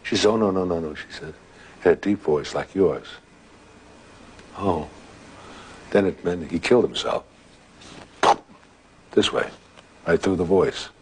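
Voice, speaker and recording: A man telling a ghost anecdote in a relaxed, halting way, with restarts and filler sounds. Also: deep voice, slightly rough. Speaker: guest telling a story. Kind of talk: anecdotal storytelling.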